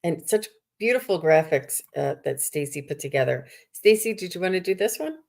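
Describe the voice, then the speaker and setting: A woman hosting a live online workshop, chatting casually, reading out viewer comments and filling pauses with ums. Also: fairly low pitch, animated, gravelly, a little mellow. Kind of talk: casual live-stream chat.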